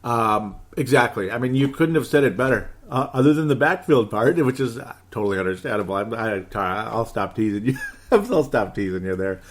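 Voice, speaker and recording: A man in his thirties hosting a casual sports podcast, excitable and rambling, reading out listener comments. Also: mid-range voice, a little fast, hardly any pauses. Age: 30s. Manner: hyper, excitable, rambling with laughs. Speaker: podcast host.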